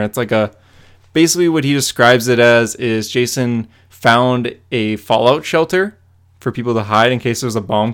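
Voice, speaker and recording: Casually chatting as a podcast co-host, a man with a clear, resonant mid-range voice walks through a comic book's plot. He rambles, keeps going, laughs while retelling, and peppers it all with "uh" and "like."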